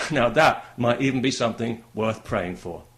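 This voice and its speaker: A British man holds forth in a monologue, his voice sitting at an ordinary middle pitch. He talks in a combative, sarcastic way, dripping with mockery as he makes his case. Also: moderate pace, a bit bright. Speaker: political commentator. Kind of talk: monologue commentary to camera.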